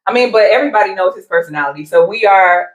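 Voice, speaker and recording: Calm laid-back woman in an echoey room. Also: mid-range voice, fast talker. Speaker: wife, married guest. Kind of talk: casual conversation.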